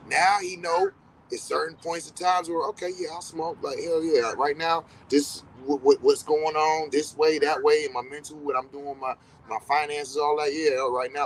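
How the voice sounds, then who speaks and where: The recording is low quality, with slight background noise, and the man's voice sits on the high side. A middle-aged podcast host, he holds a casual monologue that is blunt, profane, and repetitive for emphasis, told as animated stories with quoted dialogue.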